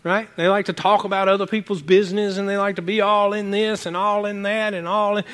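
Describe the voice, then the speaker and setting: A man preaching a sermon, telling animated stories from home with many restarts and asides to the congregation. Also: sits high, fairly quick. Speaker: pastor.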